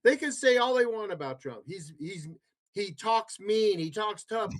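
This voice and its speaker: A man's voice: high voice, animated, measured pace. A man co-hosting a podcast in a studio, chatting casually and making emphatic, jokey remarks. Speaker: podcast co-host. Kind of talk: casual political chat.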